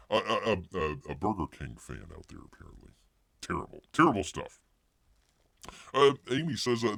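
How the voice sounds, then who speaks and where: A man's voice: low-pitched, sing-song, fairly quick, creaky, a bit bright, no echo. A man hosting a casual livestream, rambling with jokey asides and calling himself by name in the third person. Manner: jokey asides and silly voices. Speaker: livestream host.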